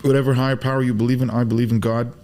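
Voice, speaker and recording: Speaking quickly in a mid-range voice, this Arab podcast guest shares stories in casual conversation. He stays lively, performs the quoted lines, and uses Arabic religious expressions.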